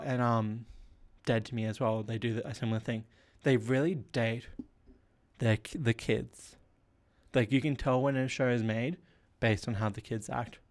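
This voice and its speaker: A young man hosting a solo podcast, rambling casually with lots of filler words while he feels unwell. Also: mid-range voice. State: unwell with a headache. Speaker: podcast host.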